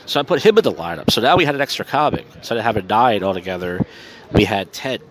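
A man's voice: lowish voice, animated, fast talker, a little hiss or hum. Rambling man chatting outdoors at night. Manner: rambling, loose storytelling with fillers and swearing. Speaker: podcast host. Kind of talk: casual solo chat on a walk.

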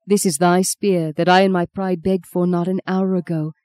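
A woman's voice: fairly low pitch, level tone, moderate pace, a little mellow, dry recording, studio quality, natural voice. A woman reading the part of a young man dying in the sea, in anguished, pleading prayer, as an audiobook character. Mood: prayerful.

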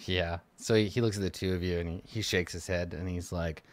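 A man's voice: low voice, steady tone, fairly quick. A man narrating as game master of a tabletop game, rambling and hedging as he describes scenes.

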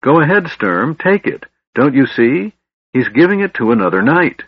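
A man voicing an earnest young elf woman, speaking up higher in a pleading tone. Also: very animated, brisk, slightly rough, dry recording, muffled recording. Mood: urging.

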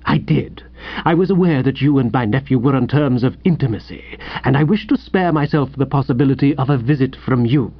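A man voicing a pompous, irritable older gentleman who talks in a clipped, disdainful way. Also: mid-range voice, brisk, dull audio, close to an everyday voice. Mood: stern, disdainful.

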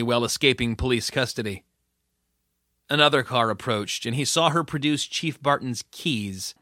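A male audiobook narrator with a bright, forward tone. His delivery is steady and measured. It is recorded close and dry, without any room sound. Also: mid-range voice, no echo. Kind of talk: scripted narration.

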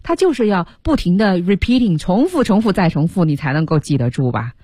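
Woman, radio lesson host, breathy voice, dry close studio sound, animated explaining. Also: on the low side, fairly quick, dry recording. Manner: animated explaining, drops English words into her talk. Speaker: radio English teacher, host.

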